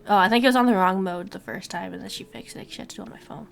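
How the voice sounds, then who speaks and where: A young woman streamer chatting casually and rambling to her viewers, swearing now and then, with a gravelly voice. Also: medium pitch, racing.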